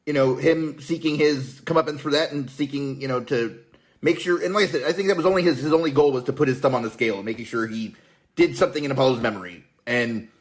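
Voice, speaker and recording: Man, casual podcast chat, earnest, repeats words, quick pace. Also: medium pitch. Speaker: podcast guest.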